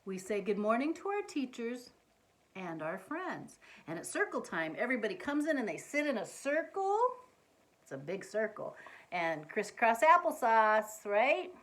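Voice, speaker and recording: A woman reading a picture book aloud to young children, gently coaxing them with questions as she points things out. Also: fairly high pitch, big pitch swings, moderate pace. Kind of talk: children's read-aloud storytime.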